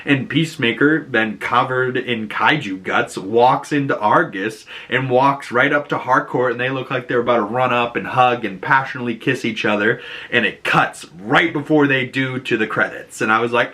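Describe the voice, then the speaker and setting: A man's voice: mid-range voice, a little fast, pushed and bright. A man with a Boston accent casually retelling and reviewing a TV episode, chatty and full of fillers, acting out quoted lines. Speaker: show reviewer.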